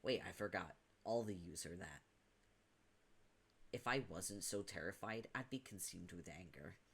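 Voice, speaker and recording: A foul-mouthed teenage troll boy, as a man reads him aloud from a webcomic, rants and hurls insults in a lowish voice. His temper never cools. Each line is a furious jab. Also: expressive, unhurried, fairly bright tone, breathy edge, heavily acted. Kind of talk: dramatic reading of a webcomic.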